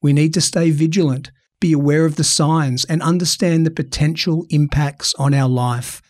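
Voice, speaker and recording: Aussie male podcast host, higher voice, measured and emphatic, dry booth sound. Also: fairly even intonation, a little mellow, dry recording. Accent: Australian. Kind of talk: podcast interview and scripted intro.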